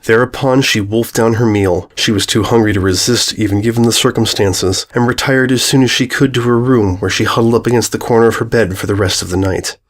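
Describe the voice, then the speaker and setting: A man giving a scripted narration of a fan-written story in a steady storytelling delivery. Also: fairly low pitch, a little fast, hardly any pauses.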